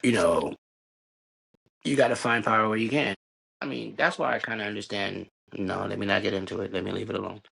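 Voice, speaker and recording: Gravelly man from Haiti telling stories. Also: lowish voice, a little fast. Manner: animated, slangy storyteller. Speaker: guest. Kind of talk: casual storytelling conversation.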